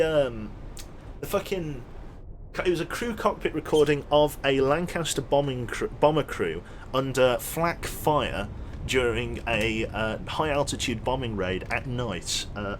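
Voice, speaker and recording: A young man casually commentating his gameplay on a livestream, chatty and quick to launch into an animated story. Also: medium pitch, slight background noise. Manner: chatty, animated storyteller who thanks subscribers. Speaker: streamer.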